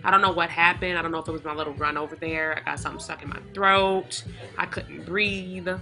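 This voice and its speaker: A woman's voice: deep voice, fairly even intonation, a little fast, creaky, bright, forceful tone, soft background music. A young woman vlogging casually from a family party, chatting playfully to her viewers with laughing asides. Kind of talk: casual vlog chat.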